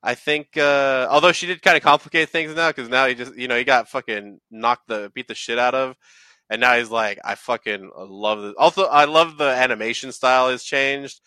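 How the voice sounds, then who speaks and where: A young man hosting a casual anime talk, excitable and profane, laughing often. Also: mid-range voice, brisk, smooth, no room sound. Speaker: podcast host.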